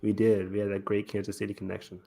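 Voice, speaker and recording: A man co-hosting a casual pop-culture podcast, talking excitedly and laughing often. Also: lowish voice, fast talker, vocal fry, a little hiss or hum. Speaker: podcast co-host. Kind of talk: casual chat reacting to a trailer. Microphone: remote call setup.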